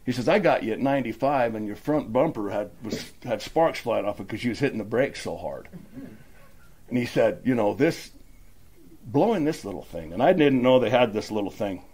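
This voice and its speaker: A man's voice: medium pitch, lively intonation, a little fast, a little mellow, breathy edge. A middle-aged man from Utah telling his recovery story at a meeting, rambling and acting out the dialogue. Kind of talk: personal recovery story, casual.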